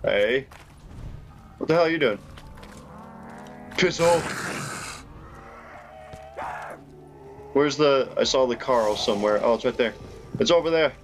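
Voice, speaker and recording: A young man giving casual gameplay commentary, reacting excitably with laughs and rambling remarks. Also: medium pitch, brisk, pauses often. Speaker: gaming YouTuber. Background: game music.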